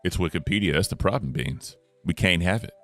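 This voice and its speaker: A young man co-hosting a casual podcast chat, laid-back and rambling, often trailing off quietly. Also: sits low, lively intonation, brisk, soft background music. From United States. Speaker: co-host.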